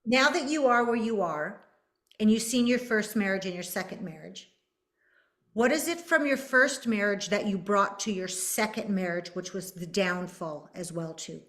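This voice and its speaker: A woman hosting a podcast interview, eager and affirming, with a coaching tone and quick asides. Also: medium pitch, a bit bright. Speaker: podcast host. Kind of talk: conversational interview.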